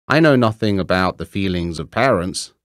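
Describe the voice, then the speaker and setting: A man's voice: deep voice, lively intonation, normal speed, fairly bright tone, no echo, clean studio sound. A man playing a pompous old water rat. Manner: self-important, lofty.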